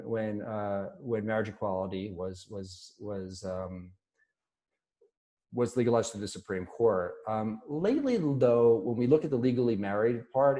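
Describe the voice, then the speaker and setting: A man's voice: medium pitch, warm tone, rough recording. A man presenting survey research in a webinar, speaking conversationally with many ums and restarts.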